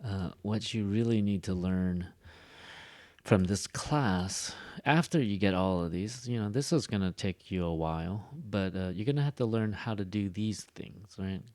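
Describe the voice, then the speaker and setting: A man explaining pronunciation to a class in a loose, chatty way, his voice sitting on the low side. He leans on fillers and keeps checking in with the listeners. The sound is close and dry, with no room around it. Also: unhurried, darkish tone, no echo. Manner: casual, exaggerates intonation for demonstration; frequent fillers and tag "right?". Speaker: ESL pronunciation teacher. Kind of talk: recorded classroom lecture.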